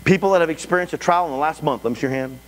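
A man preaching a sermon as pastor to a live congregation, talking in an animated way with frequent restarts. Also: a little high, racing. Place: church sanctuary before a congregation. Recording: echoey church hall with faint hum.

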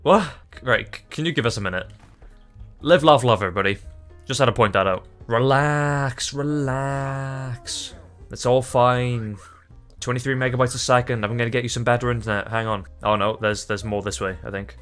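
A man giving loose, excitable gameplay commentary, swearing freely, laughing often and tripping over his own words. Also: mid-range voice, a little fast, faint music behind. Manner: rambling, self-interrupting. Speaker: gaming YouTuber.

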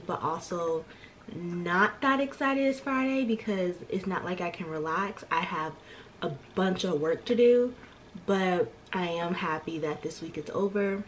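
A woman's voice: fairly low pitch, a little hiss or hum, rough recording. A young woman in her twenties, a grad student, chatting casually to her viewers in a stressed, tired way, full of fillers and calling them y'all. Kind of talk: casual vlog chat.

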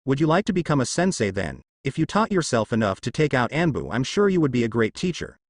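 A man playing a weary male village leader who asks measured, cautious questions, with a lively pitch. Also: no room sound, clean studio sound. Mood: cautious questioning.

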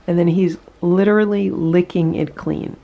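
Low gravelly-voiced woman vlogging her cats. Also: fairly even intonation, moderate pace, dull audio. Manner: chatty, talks to the cats in a high coaxing voice. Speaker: cat vlogger. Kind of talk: casual vlog narration. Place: indoor room with cats.

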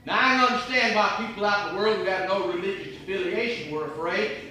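Fiery high-voiced preacher, echoing church. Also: male voice, a little fast, few pauses. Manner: impassioned, rhetorical questions, swings from hushed to near-shouting. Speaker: evangelist preacher. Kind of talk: sermon. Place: church auditorium. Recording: echoey church room with faint ambience.

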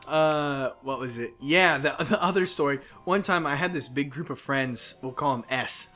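A man's voice: medium pitch, normal speed, a bit bright, faint music behind. A man co-hosting a casual gaming let's play, a crude, joking storyteller who laughs often.

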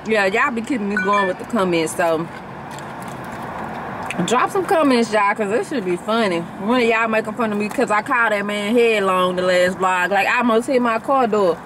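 A woman's voice: medium pitch, moderate pace, background noise. A woman with a Southern country accent chatting bluntly and jokingly in a casual vlog from a parked car, eating while she talks. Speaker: vlogger.

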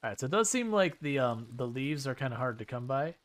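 A man's voice: mid-range voice, quick pace, background noise. Wry man chatting while playing. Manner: relaxed, wry, thinks aloud while playing. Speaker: game streamer. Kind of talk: casual gameplay chat.

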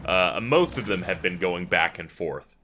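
A man's voice: low-pitched, lively intonation, unhurried, pushed and bright. A man commentating his game playthrough, ranting and swearing in exasperation. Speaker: gaming YouTuber. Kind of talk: let's play commentary. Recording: faint game music behind. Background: game music.

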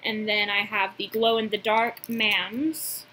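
A young woman, casually chatting through a shopping haul, gushing and filling pauses with "um". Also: medium pitch, flat delivery, bright, forceful tone, slight background noise, low-quality recording. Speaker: reborn doll collector showing a haul.

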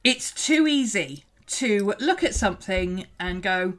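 A woman's voice: mid-range voice, animated, slow pace, few pauses, a little hiss or hum. A woman hosting a casual art livestream, chatting and greeting viewers, laughing often. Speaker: art teacher and livestream host.

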